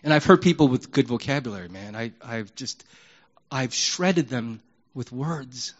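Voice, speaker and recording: A man preaching a sermon as a pastor, animated and emphatic, moving between loud and hushed delivery in a candid, conversational way. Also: medium pitch, measured pace, muffled recording. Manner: conversational and candid, acts out prayers in his own voice.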